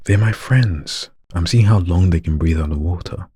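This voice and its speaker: Quiet lonely little boy put on by a guy, husky, kinda slow, dry close sound. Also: low-pitched, no echo. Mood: subdued. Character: young boy, quiet and withdrawn.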